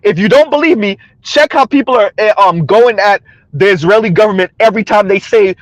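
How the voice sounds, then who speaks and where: A man's voice: high voice, fairly quick, dry recording. A man giving a combative, sarcastic opinion rant to his viewers, repeating his points and laughing between them. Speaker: commentary vlogger.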